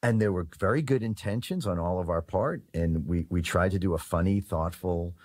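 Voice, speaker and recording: Deep-voiced reflective man from New York. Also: a little mellow. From Queens, New York. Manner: earnest, measured, self-critical. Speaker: voice actor in an archive interview clip. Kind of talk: reflective interview answer.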